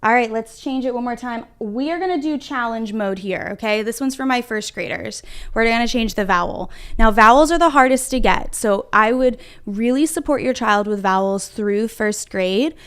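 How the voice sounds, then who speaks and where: A young woman teaching a livestreamed phonics lesson to small children, encouraging them and sounding out letters slowly and clearly at a whiteboard. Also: a little high, fairly bright tone. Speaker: kindergarten reading teacher. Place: home room at a whiteboard.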